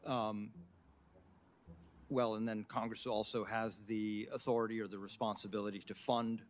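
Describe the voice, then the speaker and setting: A man answering questions at a formal hearing in hesitant, halting sentences. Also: lowish voice, flat delivery. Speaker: witness at a hearing.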